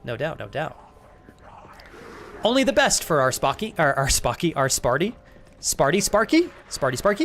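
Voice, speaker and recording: A man's voice: a little high, very animated, moderate pace, pauses often, a bit bright, soft background music. A man live-streaming a game, joking crudely with chat and thanking viewers as he plays. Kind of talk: live gaming stream banter.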